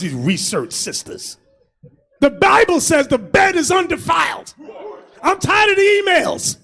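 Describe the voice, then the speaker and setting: A man preaching as a bishop, loud and crude, shouting and laughing as he mocks people in put-on voices. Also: extremely high pitch.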